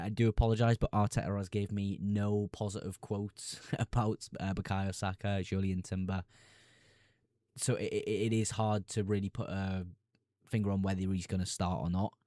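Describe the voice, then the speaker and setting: A man with a Sunderland accent talks in a fairly low voice, reading viewers' questions aloud and answering them in a chummy, off-the-cuff way. The sound is close and dry, with no room around it. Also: fairly even intonation, warm tone, dry recording. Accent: Sunderland (Mackem). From Sunderland, North East England. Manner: casual, chummy, reads a question aloud then answers briskly. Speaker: fantasy football streamer host. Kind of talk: live stream Q&A, reading chat questions.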